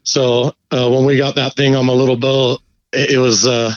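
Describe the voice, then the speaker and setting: A man telling a fishing story in a laid-back, profane, animated way during a casual chat. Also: medium pitch, normal speed, highs cut off. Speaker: guest angler.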